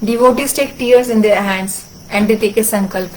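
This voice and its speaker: A woman translating a religious discourse, telling a sacred story earnestly with frequent halting restarts. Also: medium pitch, darkish tone, slight background noise, low-quality recording. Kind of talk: sermon storytelling.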